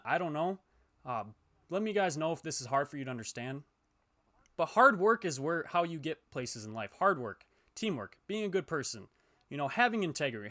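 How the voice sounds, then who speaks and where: A young man, a gaming YouTuber, ranting heatedly and profanely to his viewers, swinging between loud outbursts and low muttering. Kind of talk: ranting to camera.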